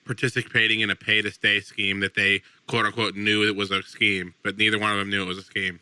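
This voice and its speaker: A man's voice: fairly low pitch, level tone, fairly quick, bright, forceful tone, dry recording. A man co-hosting a podcast, telling a story in a matter-of-fact way with frequent fillers. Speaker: podcast co-host. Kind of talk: casual chat.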